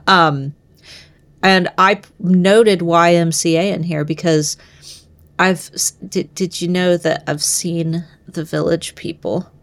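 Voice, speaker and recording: Young woman, casual co-host, chatty, laughs a lot, sits low in her range. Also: fairly even intonation, takes it slowly. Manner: chatty, laughs often, trails off mid-sentence. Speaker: podcast co-host. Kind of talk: casual book discussion chat.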